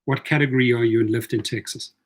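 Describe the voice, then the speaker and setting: A man's voice: mid-range voice, fairly even intonation, fast. A man giving casual livestream advice as a rideshare coach, reading viewer comments aloud and answering them in a chatty way, often repeating words as he goes.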